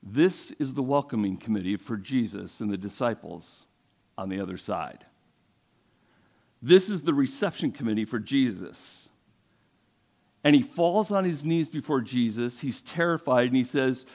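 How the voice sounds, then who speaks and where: A man's voice: mid-range voice, expressive, moderate pace, a little mellow. Man preaching a storytelling sermon. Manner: conversational storytelling, asks the congregation questions. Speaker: pastor.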